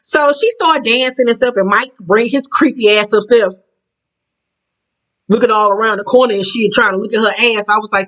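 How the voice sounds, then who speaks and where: A woman recapping a reality show in blunt, profane, catty casual talk, jumping up in pitch as she acts out quotes. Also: moderate pace, a bit bright, rough recording.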